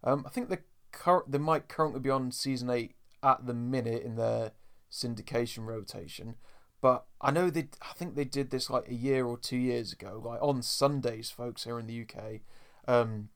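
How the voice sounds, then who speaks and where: Man, mid-pitched voice, chatty podcast host, talks to folks. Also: normal speed, fairly bright tone. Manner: chatty, addresses listeners as folks. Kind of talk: casual chat.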